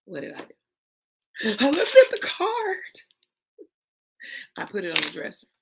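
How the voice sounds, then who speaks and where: A woman's voice: a little high, huge pitch swings, a little slow, creaky, noisy background. A woman giving an emphatic, preachy motivational talk who calls her listeners y'all and honey. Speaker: motivational speaker.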